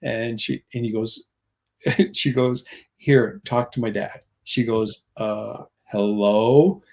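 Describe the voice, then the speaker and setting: A man's voice: medium pitch, steady tone, slow pace. Earnest rambling man telling stories. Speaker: guest. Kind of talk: conversational storytelling.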